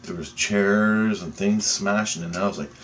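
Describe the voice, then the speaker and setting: Man, very low voice, rambling dream story, excitable, swears a lot, faint background hiss. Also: measured pace. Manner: excitable, profane, rambling with restarts.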